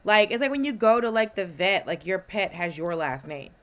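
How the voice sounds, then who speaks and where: A woman's voice: mid-range voice, expressive, normal speed, fairly bright tone. A woman co-hosting a podcast in casual chat, telling stories with playful asides. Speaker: podcast co-host. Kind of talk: casual chat recapping a drama.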